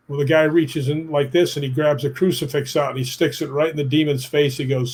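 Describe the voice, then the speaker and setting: A middle-aged man tells his stories as an interview guest, animated and blunt. He acts out the voices of people in his stories and puts stress on key words. His voice sits a little higher than most men's. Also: a little fast, hardly any pauses. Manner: animated storyteller who acts out quotes; emphatic, plainspoken, casual swearing. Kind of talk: interview storytelling.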